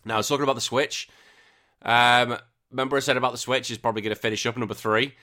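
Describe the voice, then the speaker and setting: A young man hosts a casual gaming news podcast in a bright, forward voice. He is excitable and swears freely, and his remarks often drop to quiet, mumbled asides. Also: mid-range voice, quick pace. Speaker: podcast host.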